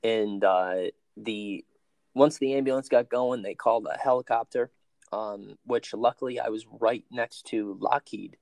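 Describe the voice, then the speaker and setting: Man recounting a crash, halting. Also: fairly low pitch, creaky, no room sound. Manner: halting, many fillers and restarts. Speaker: interview guest. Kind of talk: personal storytelling interview.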